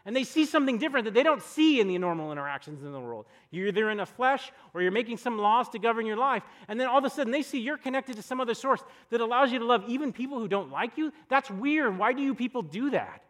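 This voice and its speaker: Young guy pastor, pretty high voice, chatty sermon w lots of questions to the room. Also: fast, few pauses. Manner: conversational, animated storytelling with rhetorical questions. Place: church podcast recording.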